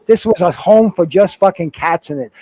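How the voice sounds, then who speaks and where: A man with a high voice tells a meandering story, stumbling over words and swearing freely. The sound is close and dry, with almost no room behind it. He talks like a guest chatting on a call-in show. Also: normal speed, a little mellow, no echo. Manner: rambling, heavy swearing, repeats words.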